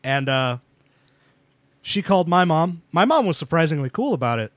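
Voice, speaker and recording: Young man, podcast co-host, rambling stories, fillers, slightly higher voice, dry close mic. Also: sing-song, moderate pace, no echo. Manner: rambling anecdotes with many fillers. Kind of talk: casual storytelling chat.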